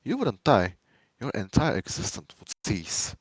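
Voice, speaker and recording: Theatrical man reading a dark monologue. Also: on the low side, huge pitch swings, unhurried, breathy edge, no echo, poor audio. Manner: theatrical, swinging between menacing loud lines and hushed pleading ones. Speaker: fan fiction reader. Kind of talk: dramatic reading of a first-person monologue.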